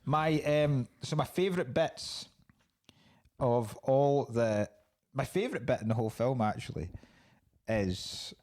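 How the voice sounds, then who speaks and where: A man's voice: medium pitch, lively intonation, a little slow, pauses often, a little mellow. A man hosting a podcast, chatting casually about a film in a sweary, incredulous way. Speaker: podcast host. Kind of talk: casual film-review chat.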